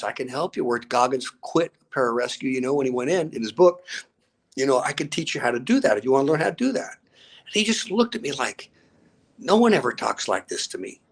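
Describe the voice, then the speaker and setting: An older man, a grandfather and coach, telling stories in an interview with energy and acting out both sides of conversations. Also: a little high. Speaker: guest, fitness coach. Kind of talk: animated storytelling in an interview.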